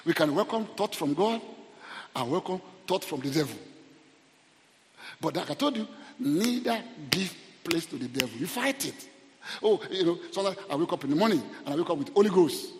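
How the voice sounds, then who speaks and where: Middle-aged Nigerian male pastor, lively humorous sermon, slightly high voice, reverberant church hall. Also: moderate pace, a little hiss or hum. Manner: humorous, animated, repeats words.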